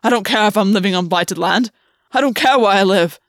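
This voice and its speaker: A woman reading aloud and voicing a battle-worn male fae soldier with a rough, blunt voice. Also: medium pitch, brisk, no echo, studio quality, natural voice. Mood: desperate. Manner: blunt, forceful.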